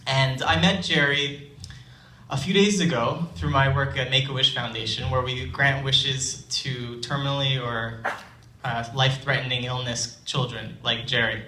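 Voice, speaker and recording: A young man telling a personal story on stage at a storytelling night, conversational and self-deprecating, with halting restarts. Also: medium pitch, fairly even intonation, sharp tone, a little hiss or hum. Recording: roomy live hall, distant mic, faint ambience.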